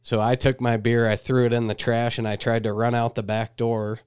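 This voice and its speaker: A man's voice: mid-range voice, flat delivery, normal speed, a little mellow, clear, resonant tone, no room sound, studio quality. A young man, a comedian, telling a story in casual chat and laughing easily. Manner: laughing, easygoing. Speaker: comedian guest.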